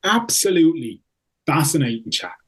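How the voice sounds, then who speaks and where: A man's voice: fairly high pitch, sing-song, normal speed, breathy edge, rough recording. A man co-hosting a podcast, loose and jokey, peppering his talk with "like". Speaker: podcast co-host. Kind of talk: casual podcast chat.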